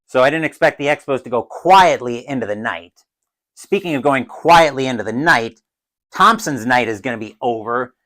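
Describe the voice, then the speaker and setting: Animated man doing dice-game play-by-play. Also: mid-range voice, moderate pace, low-quality recording. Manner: excited, rises sharply on big plays; adds his own crowd cheers. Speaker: tabletop baseball game host. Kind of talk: solo play-by-play commentary of a dice baseball game.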